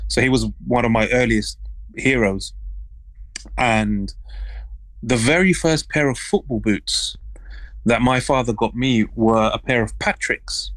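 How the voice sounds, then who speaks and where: A man chats as a talk show guest, pausing often and filling gaps with ums and uhs. His pitch sits in the middle for a man. The sound is dry and close. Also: fairly bright tone, dry recording, low-quality recording. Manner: hesitant, full of fillers. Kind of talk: casual chat.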